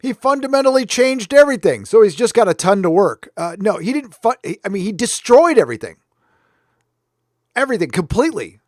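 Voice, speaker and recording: A man's voice: sits high, very animated, brisk, dry recording, clean studio sound. Ranting American man on a livestream. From United States. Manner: blunt, ranting, swears freely. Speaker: livestream host. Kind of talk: casual commentary livestream. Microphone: headphones on while talking into a desk mic.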